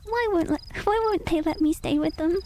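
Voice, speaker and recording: A woman's voice: very high voice, normal speed, slight background noise. A woman voicing a timid, sorrowful baby duckling boy in a storybook reading. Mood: hurt. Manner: sorrowful, quiet.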